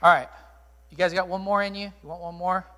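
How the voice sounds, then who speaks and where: A man's voice: high-pitched, fairly even intonation, fast, background noise. A man, a pastor, answering questions from his congregation in a candid, conversational way, with frequent ums and restarts. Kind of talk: sermon Q&A to a live congregation. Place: church auditorium. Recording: long reverb of a large hall.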